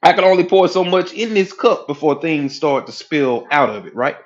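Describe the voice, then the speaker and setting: Animated man lecturing at a whiteboard. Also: a little high, normal speed, lo-fi sound. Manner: animated, acts out inner voices with casual profanity. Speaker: hypnotherapy coach.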